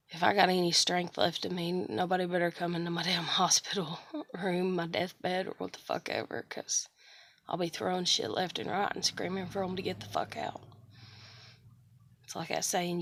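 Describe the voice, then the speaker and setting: A woman's voice: fairly low pitch, fairly bright tone, no echo. A woman in her thirties rambling through a bitter, profane confessional monologue about her life. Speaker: vlogger sharing personal stories.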